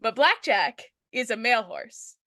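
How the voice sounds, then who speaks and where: A woman talks through the chapters in an animated, chatty way and often breaks into laughs. Her voice is bright, a little high, and sits close and dry on the mic. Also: measured pace, no echo. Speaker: podcast co-host. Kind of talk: casual book-discussion chat.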